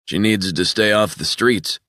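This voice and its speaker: A man plays a red-faced, burly former cop in an audiobook. He swears hard and keeps his voice raised and heated. The sound is bright, close and dry. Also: on the low side, a little slow, no echo, voice pushed up. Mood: worked up.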